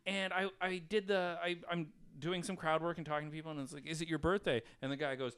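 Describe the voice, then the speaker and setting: A man hosting a comedy podcast, originally from Canada, telling animated stories and acting out hecklers in casual chat. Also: fairly high pitch, fast, few pauses, clear, resonant tone. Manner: animated storyteller, acts out hecklers.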